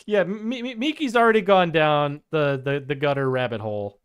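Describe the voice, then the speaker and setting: A man's voice: fairly high pitch, moderate pace, clean tone. A man chatting casually on a live stream, loose and jokey, talking to his chat. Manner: loose, fillers and restarts, jokey, talks to chat.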